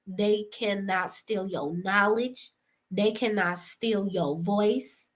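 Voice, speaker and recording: A woman's voice: medium pitch, slow. A woman, chatting casually to camera, giving motivational advice to creators, often laughing and calling her viewers y'all.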